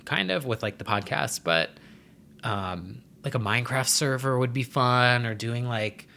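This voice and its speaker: A man's voice: medium pitch, creaky, bright, forceful tone, slight background noise. A young man hosting his own vlog, talking in a rambling, chatty way with sassy slang. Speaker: vlogger host. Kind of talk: casual chat to camera.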